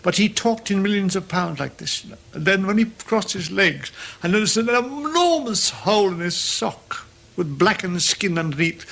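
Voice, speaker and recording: A man's voice: high-pitched, creaky, fairly bright tone. An older man reminiscing with wry, dry humour as an interviewee. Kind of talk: reminiscing anecdote.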